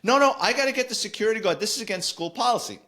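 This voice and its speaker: A fussy, bossy school administrator, put on by a man, lifts her voice well above his own into a high, nagging register. She whines and insists, quoting school policy at every turn. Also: expressive, rapid-fire, sharp tone. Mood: fussy insistent. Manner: whiny, insistent, rule-quoting.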